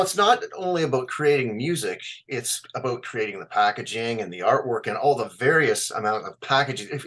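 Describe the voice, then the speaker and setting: A man's voice: medium pitch, fairly bright tone. A man interviewing a musician, asking chatty, conversational questions.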